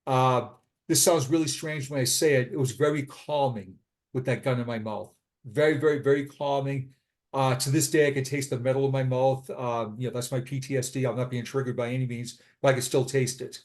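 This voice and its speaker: A middle-aged man, a retired police sergeant, telling his own story as an interview guest in an earnest, halting way, often repeating himself. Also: mid-range voice, steady tone. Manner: earnest, halting, with frequent repetitions. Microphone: remote call.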